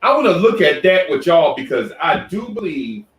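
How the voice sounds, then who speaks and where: Set back from the mic in an echoey room, a livestream host with a fairly high, sing-song voice talks at normal speed. He greets viewers individually in loose, repetitive shout-outs full of fillers and restarts.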